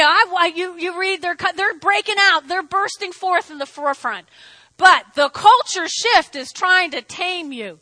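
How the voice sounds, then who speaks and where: A woman pastor preaching a sermon, emphatic, swinging between hushed asides and shouted declarations, hot and sweating. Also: very high-pitched, measured pace, no room sound, poor audio.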